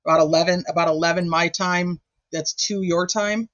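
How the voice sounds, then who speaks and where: A man's voice: a little high, fairly even intonation, normal speed, fairly bright tone, dull audio. A man hosting a casual livestream chat, rambling and chatty with lots of filler words. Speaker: host.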